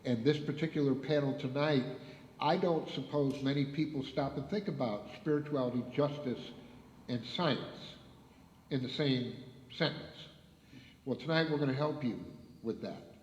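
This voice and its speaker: A man's voice: medium pitch, darkish tone. Man, pastor, conversational panel opening, echoey hall, dull sound. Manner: conversational, with fillers. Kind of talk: panel introduction. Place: church hall.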